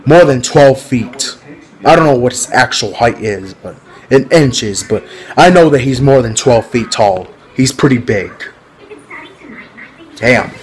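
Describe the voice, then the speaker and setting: A man's voice: medium pitch, poor audio. A man talking casually to his viewers in a rambling, repetitive vlog, often laughing. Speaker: vlogger.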